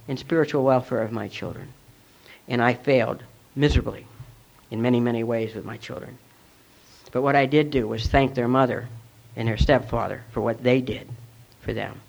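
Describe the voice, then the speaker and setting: At a recovery meeting, a middle-aged man shares his personal testimony, telling his story in an earnest, reflective way. His voice is mid-range with vocal fry, captured on a dull lo-fi recording.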